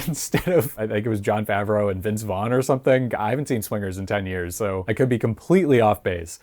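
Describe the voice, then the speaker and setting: A man's voice: lowish voice, a little fast, few pauses, a little mellow. Guy rambling thru a movie review, lots of likes and little laughs. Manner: rambling, chatty, laughs often, many fillers. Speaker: film reviewer. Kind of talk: casual spoken film review.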